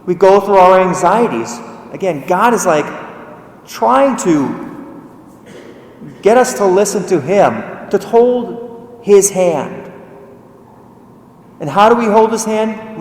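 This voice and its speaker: A male priest delivers a homily in a relaxed, conversational manner, circling back on his own phrases. His voice sits fairly high for a man. The sound rings with the long reverb of a large church. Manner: conversational, with restarts and acted-out voices. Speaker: pastor. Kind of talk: sermon. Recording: echoey church hall.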